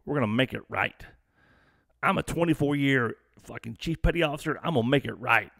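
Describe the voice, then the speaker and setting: A man's voice: medium pitch, expressive, a little fast, gravelly, fairly bright tone, dry recording, studio quality. A middle-aged man from Texas hosting a live stream, ranting bluntly and profanely in a rambling, casual way.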